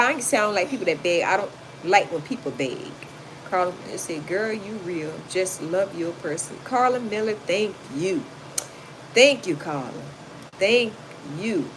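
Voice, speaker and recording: A woman, hosting a casual livestream, reading chat comments aloud and giving blunt, sassy advice. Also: medium pitch. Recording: noisy home recording.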